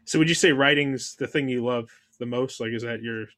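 A man's voice: mid-range voice, brisk, fairly bright tone. A man interviewing a filmmaker, asking casual questions full of "like" and restarts. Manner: casual, many fillers like "like". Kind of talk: conversational interview.

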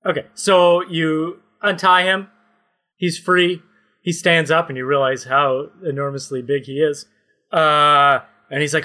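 A man from Canada narrating a comedic story game as game master, laying out scenes slowly with mock suspense. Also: a little high, steady tone, bright, forceful tone.

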